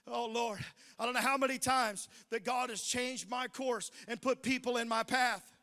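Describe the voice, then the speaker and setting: A middle-aged pastor preaches a sermon in a strikingly high voice. His tone is bright and forceful. He moves from easy storytelling to loud, shouted preaching. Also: steady tone, measured pace, big-room sound.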